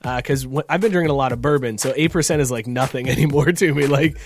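A man's voice: medium pitch, fast, a little hiss or hum. A man hosting a casual podcast chat over a video call, loose and joking, laughing often. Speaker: podcast host.

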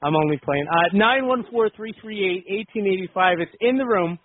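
A man's voice: sits high, expressive, a little fast, a little hiss or hum. A man hosting a radio talk show, joking around in a loose, casual way with plenty of filler words. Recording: dry, phone-like lo-fi audio.

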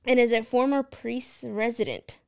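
A woman with a Texan accent co-hosting a casual paranormal podcast, giggling and halting as she tells the history. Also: fairly high pitch, steady tone, vocal fry, clean tone. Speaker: podcast co-host. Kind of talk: casual chat.

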